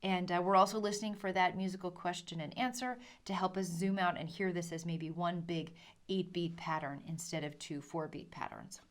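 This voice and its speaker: A woman teaching a ukulele lesson, explaining patiently, counting in and singing along. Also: lowish voice. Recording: ukulele playing under the voice.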